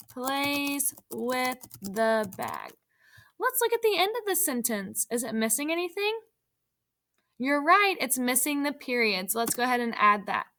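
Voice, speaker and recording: A woman teaching an online grammar lesson to young children, speaking slowly and clearly with encouragement. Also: high-pitched, sharp tone. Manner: slow, clear and encouraging, reading sentences aloud.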